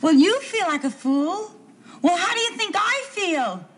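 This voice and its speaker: A woman's voice: extremely high pitch, big pitch swings, exaggerated voice. Mary Hartman, a stammering housewife. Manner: hesitant, stammering, halting. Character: confused, earnest small-town housewife. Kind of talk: 1970s TV soap acting.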